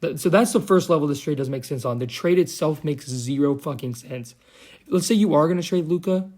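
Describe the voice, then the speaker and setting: A man's voice: a little high, brisk, darkish tone. A young man giving a heated, profane, sarcastic commentary rant as a vlogger. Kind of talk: ranting commentary.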